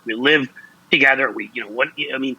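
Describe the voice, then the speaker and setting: A man's voice: medium pitch, a little fast, sharp tone, husky, rough recording. A male political commentator from Ohio in heated talk, blunt and impassioned, often restarting his sentences.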